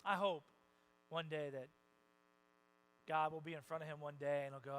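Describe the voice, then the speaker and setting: A man preaching a sermon as a pastor, conversational and animated, acting out the voices of the people he quotes and swinging from soft asides to loud bursts. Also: on the high side, normal speed, pauses often, rough recording. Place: church sanctuary.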